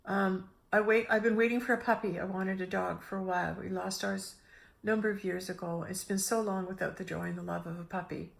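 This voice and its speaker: A middle-aged woman giving a casual spiritual talk, telling a personal story with lively restarts and acted-out inner voices. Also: medium pitch, a little fast, vocal fry. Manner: animated, restarts often, acts out her own inner voices. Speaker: spiritual speaker.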